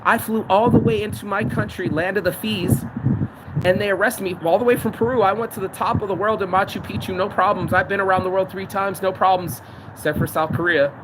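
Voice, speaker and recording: A man with a slightly high voice rants and swears his way through stories, recording himself on a phone. The recording is outdoors in a city, with traffic and street noise clearly audible behind him. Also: fairly even intonation, a little fast. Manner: profane, venting, storytelling. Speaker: vlogger. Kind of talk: outdoor rant vlog.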